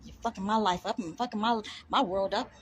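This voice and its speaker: A woman's voice: mid-range voice, fairly quick, a little hiss or hum. A woman delivering a defiant, profane rant to camera, combative and emphatic, repeating words for force. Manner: combative, heavy swearing, defiant.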